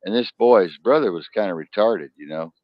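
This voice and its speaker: A man's voice: on the low side, moderate pace, no room sound. Rambling, crude storytelling man. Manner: rambling, animated, crude jokester with many restarts. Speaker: podcast host. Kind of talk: casual storytelling chat. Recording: dull lo-fi sound.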